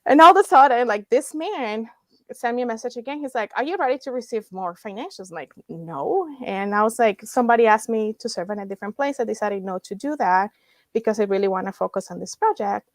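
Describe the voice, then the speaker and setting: Animated woman telling her story, dry sound. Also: a little high, a little fast, dry recording. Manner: animated, acts out dialogue, laughs often. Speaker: guest, nonprofit founder. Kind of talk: emotional storytelling in conversation.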